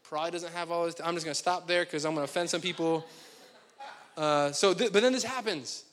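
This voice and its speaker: A man's voice: fairly high pitch, fairly quick, a bit bright, in a large hall, slight background noise. A man preaching a sermon to his congregation, talking in a conversational, joking way straight to the people in front of him. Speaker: pastor. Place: church sanctuary.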